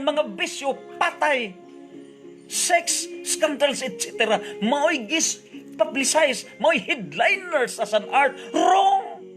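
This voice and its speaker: A man's voice: very high voice, fairly bright tone. A man preaching a sermon, switching languages mid-sentence and reciting long repeated lists.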